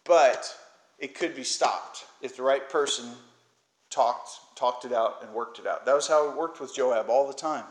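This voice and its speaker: A man preaching in a relaxed, conversational way, retelling a Bible story and acting out the lines of the people in it. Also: mid-range voice, a little slow, reverberant, poor audio. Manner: conversational storytelling, acts out quoted voices. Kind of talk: informal Bible teaching.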